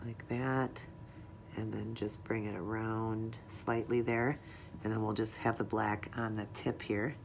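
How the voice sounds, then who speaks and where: A woman's voice: a bass voice, flat delivery, unhurried, creaky, a little hiss or hum. A woman narrating a casual step-by-step nail art tutorial, chatting to viewers as she works. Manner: chatty, talks to viewers while working.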